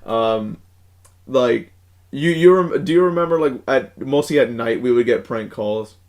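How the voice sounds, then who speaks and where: Young man, podcast co-host, casual rambling chat, swears a lot, halting restarts, laughs often, mid-pitched voice. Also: a little mellow.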